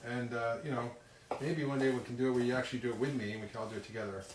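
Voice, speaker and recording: Talking very fast in a steady, medium-pitched voice, this cooking show host runs a relaxed live demonstration in his own kitchen, poking fun at himself and filling gaps with verbal fillers. The recording is noisy, distant and roomy, full of clanging dishes, cutlery and chopping.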